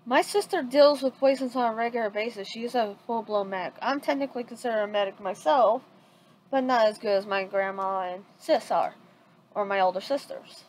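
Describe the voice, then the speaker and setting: A woman's voice: fairly high pitch, fairly quick, a little mellow, slight background noise, lightly acted, poor audio. A woman voicing a cocky, gleefully ruthless young boy ninja, speaking bluntly in a retold fan story. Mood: matter-of-fact. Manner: blunt, matter-of-fact.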